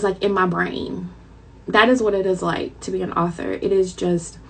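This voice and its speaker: A woman's voice: lowish voice, creaky, breathy edge, low-quality recording. A woman author chatting casually to her viewers with a light Southern twang, dramatic and talkative, calling them y'all.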